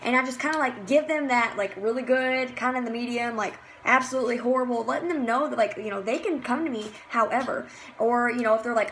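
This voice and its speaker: Woman, slightly high voice, casual motivational team leader, chatty with lots of fillers, faint hiss. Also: brisk, a bit bright. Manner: chatty, full of fillers, acts out cheery messages. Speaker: team leader in direct sales.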